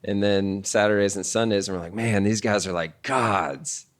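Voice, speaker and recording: A man's voice: fairly low pitch, steady tone, moderate pace. A man hosting a casual golf podcast, prompting his guest with easygoing questions. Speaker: podcast host.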